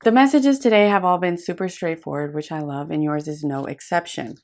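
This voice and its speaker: A young woman giving a gentle, affectionate tarot reading straight to the viewer, rambling warmly with fillers and calling the listener "my love". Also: sits low, brisk. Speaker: tarot reader. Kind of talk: intimate tarot reading to camera.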